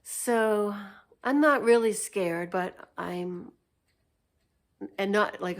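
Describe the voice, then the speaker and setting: A woman's voice: medium pitch, slow pace, long pauses. A woman telling a story in an unscripted casual vlog, chatty and meandering, laughing often. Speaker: vlogger.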